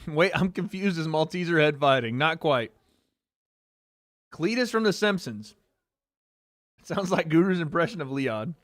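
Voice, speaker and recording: Reacting to fights during his livestream watch party, this man laughs, curses, and banters casually with chat. He sounds fairly high and animated with a slightly bright edge, keeping a measured pace broken by frequent pauses.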